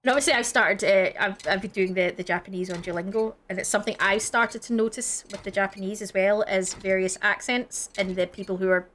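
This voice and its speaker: A woman from the Scottish Highlands with a Scottish accent, co-hosting a gaming video and chatting casually, rambling with lots of fillers and restarts. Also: steady tone, a little fast, hardly any pauses, a bit bright, a little hiss or hum. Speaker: gaming channel co-host. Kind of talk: casual chat while gaming.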